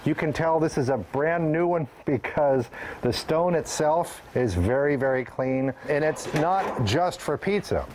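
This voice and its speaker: A man's voice: fairly high pitch, a little mellow, a little hiss or hum. A man hosting a cooking show, talking folksy and chatty while he makes pizza. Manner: chatty, folksy kitchen talk. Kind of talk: upbeat cooking demonstration.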